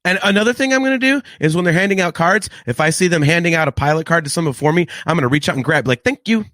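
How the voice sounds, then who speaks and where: A man hosting a casual podcast chat, talking in an excitable, profane, ranting way. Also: a little high, very fast, no room sound. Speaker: podcast host.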